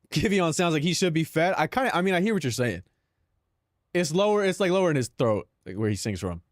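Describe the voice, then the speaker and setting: A man's voice: fairly high pitch, big pitch swings, brisk, no echo, clean studio sound. A man live streaming in casual chat, talking in slang, calling his viewers "bro" and laughing between lines.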